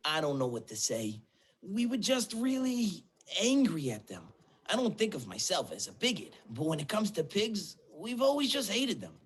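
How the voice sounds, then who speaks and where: A man's voice: high-pitched, sing-song, normal speed, soft background music. A man voicing a small, hot-headed male cartoon bird who talks in an earnest, self-reflective way.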